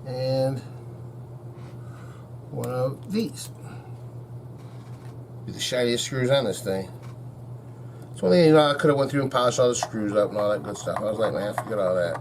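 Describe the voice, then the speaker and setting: A man's voice: mid-range voice, expressive, a little slow, long pauses, noisy background. Easygoing folksy man in a workshop. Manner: folksy, easygoing, talks to himself and viewers as he works. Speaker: guitar repair shop owner. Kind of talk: casual workshop narration while working. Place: guitar repair workshop.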